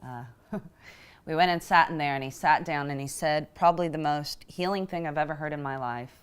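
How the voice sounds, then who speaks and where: A woman telling a personal story in a reflective, emotional way, pausing often as she speaks. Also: sits low, clean tone. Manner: reflective and emotional, halting with pauses. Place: Houston.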